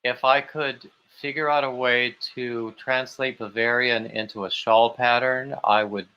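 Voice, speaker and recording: A man's voice: medium pitch, fairly even intonation, unhurried, smooth. A man hosting a casual live stream, chatting in a rambling way and reading out viewer comments. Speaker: livestream host. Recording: dull lo-fi stream audio.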